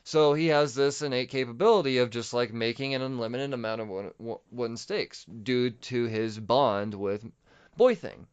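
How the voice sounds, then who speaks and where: A man hosting a podcast, recapping a comic book story in a rambling, excited and profane way. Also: medium pitch, moderate pace, clean tone. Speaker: podcast host. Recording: dull lo-fi audio.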